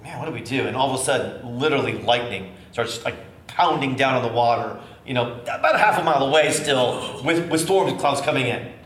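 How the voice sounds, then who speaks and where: A middle-aged man preaching as a bishop, telling a personal story in an animated way and acting out the voices. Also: mid-range voice, a little fast. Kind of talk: storytelling sermon. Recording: echoey room with faint noise.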